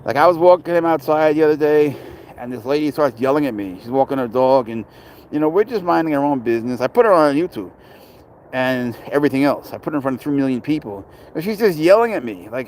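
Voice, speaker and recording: A man of ordinary pitch talking off the cuff on a livestream, rambling and blunt, with curse words sprinkled through. Faint traffic noise hangs behind him outdoors. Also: lively intonation, fast talker, darkish tone, low-quality recording. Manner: rambling, blunt, swears freely. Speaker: pet owner and livestreamer. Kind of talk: casual livestream chat.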